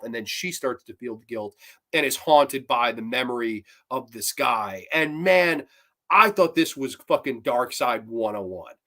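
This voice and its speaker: A man hosting a horror review show, talking casually with blunt, profane, animated commentary. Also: mid-range voice.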